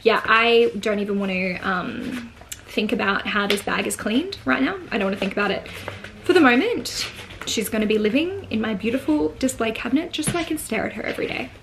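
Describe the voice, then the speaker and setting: A woman with an Australian accent talks through an unboxing in an easy, gushing vlog manner, full of likes and little ums. Her voice sits somewhat high, and faint noise hums beneath it from an indoor room at home. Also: lively intonation, fairly quick, creaky, fairly bright tone. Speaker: vlogger.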